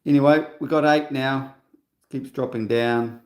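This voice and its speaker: A man's voice: mid-range voice, a little mellow, echoey room. A man in his sixties hosting a livestream in a rambling, casual monologue, scornful and full of chatty asides. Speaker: livestream host.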